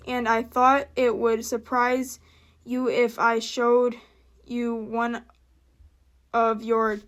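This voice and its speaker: A teenage girl reading a prepared statement to camera, often stumbling and restarting her lines with flustered asides. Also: on the high side. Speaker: vlogger.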